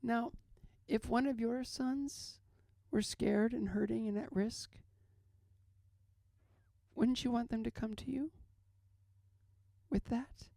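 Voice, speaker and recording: A man voicing an odd, gentle woman nurse with a strange accent who asks soft, coaxing questions. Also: very high-pitched, fairly even intonation, slow, gravelly, long pauses, no room sound, voice pushed up, full character voice. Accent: odd foreign-sounding accent.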